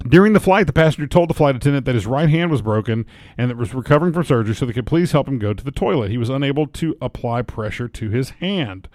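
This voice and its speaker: A man's voice: mid-range voice, lively intonation, fast talker, a little mellow, no echo. A man co-hosting a podcast, chatting casually and reading news aloud while joking and restarting his sentences. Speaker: podcast co-host.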